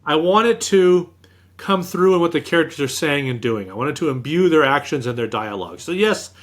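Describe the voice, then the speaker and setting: A middle-aged man, an author being interviewed, telling animated anecdotes and acting out what others said. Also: on the high side, fairly quick. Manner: animated anecdotes, acts out quoted speech. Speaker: author guest. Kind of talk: interview storytelling.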